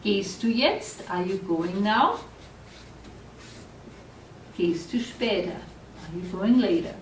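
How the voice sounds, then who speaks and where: Slow, patient woman teaching in an echoey room. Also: medium pitch, animated, distant mic, a little hiss or hum. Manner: slow, patient explaining with frequent check-ins. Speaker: German language teacher. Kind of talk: classroom lecture at a board.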